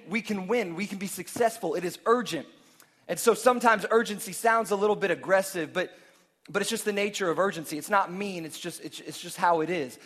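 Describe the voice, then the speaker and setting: A man's voice: high voice, fairly bright tone, big-room sound. A man preaching a sermon in a casual, conversational way, often repeating words as he presses a point. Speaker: pastor.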